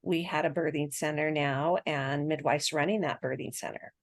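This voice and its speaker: A woman's voice: low-pitched, fairly even intonation, normal speed, no room sound. A woman in her sixties, a podcast guest, telling her birth story in a chatty way and laughing often.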